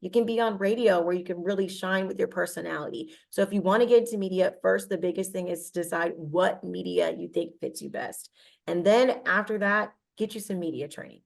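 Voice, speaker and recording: Confident woman with a gravelly edge. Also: lowish voice, brisk. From Cincinnati, Ohio. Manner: confident, direct, reassuring. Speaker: media personality, guest. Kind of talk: interview answers, giving advice.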